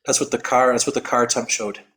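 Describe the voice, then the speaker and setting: A man with a middle-pitched voice recounts an endurance race in an interview. He often restarts and repeats his words, and he explains things in a careful, technical way. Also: steady tone, fast, a bit bright. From United States. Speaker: endurance athlete guest. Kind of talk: storytelling interview.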